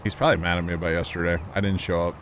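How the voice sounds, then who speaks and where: Low-voiced man streaming a farming game. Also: little pitch movement, racing, a bit bright, a little hiss or hum. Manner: joking, wry, talks to chat. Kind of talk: casual chat while gaming.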